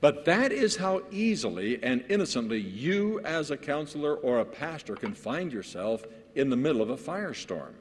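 A man who is a pastor, preaching a sermon to other pastors in a lively storytelling way, with frequent restarts. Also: mid-range voice, normal speed, hardly any pauses. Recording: long hall reverb.

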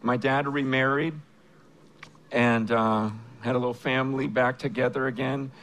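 A man in his fifties preaching a personal testimony on stage, earnest, with stammering restarts, swinging between hushed and fervent. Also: medium pitch, flat delivery, moderate pace, poor audio. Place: stage before a large audience.

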